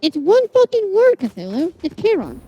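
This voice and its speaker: High, lively streamer ranting with swears. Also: moderate pace, dull audio. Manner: animated storytelling, heavy swearing, exasperated rants. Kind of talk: casual chat with viewers.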